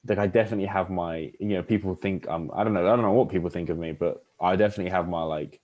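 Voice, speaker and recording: A man's voice: sits low, steady tone, very fast, darkish tone, highs cut off. A young man chatting casually on a podcast, rambling with lots of fillers and restarts. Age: young adult. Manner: rambling, many fillers and restarts, acts out pickup lines. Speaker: podcast host. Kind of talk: casual chat.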